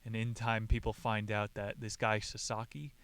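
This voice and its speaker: Young guy recapping a book, casual, swears a lot, kinda low smooth voice. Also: level tone, moderate pace, a bit bright. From Southern California. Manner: loose and jokey, swears and makes asides. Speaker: podcast host retelling a book.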